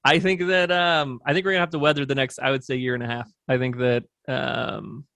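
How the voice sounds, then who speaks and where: An agency owner, guesting on an interview show, talks through his business plans in a thoughtful, rambling way full of fillers. His mid-range voice is gravelly and a bit bright, fairly quick with little pitch movement, and the recording has no echo.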